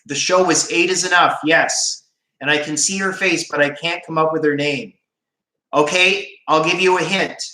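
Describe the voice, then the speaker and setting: A man's voice: fairly high pitch, fairly even intonation, normal speed, sharp tone, roomy sound, poor audio. A man with a Canadian accent hosting a casual livestream, rambling and joking as he reads out viewer comments. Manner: chatty, rambling, jokey, laughs often. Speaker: YouTube channel host on a live stream.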